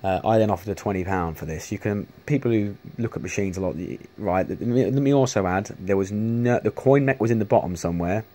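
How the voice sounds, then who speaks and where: A man's voice: fairly low pitch, fairly quick, hardly any pauses, mellow. A man chatting casually to camera, rambling with many restarts and casual swearing. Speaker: vlogger showing arcade machines.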